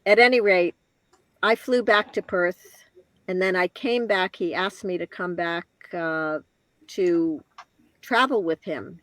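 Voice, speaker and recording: A woman in her later years, a guest telling a personal story in an interview, reflective and halting, with restarts and soft laughs. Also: lowish voice, dry recording.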